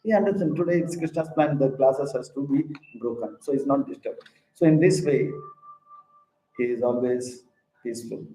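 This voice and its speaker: A man's voice: mid-range voice, normal speed. A man teaching scripture as a spiritual teacher, acting out small stories. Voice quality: animated storyteller who acts out characters. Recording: echoey room with faint ambience.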